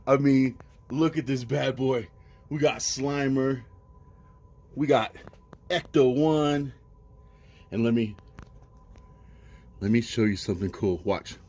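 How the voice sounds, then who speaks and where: A man in his forties, a toy store owner, talking eagerly in a casual vlog and describing things in loving detail. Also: medium pitch. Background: loud background music.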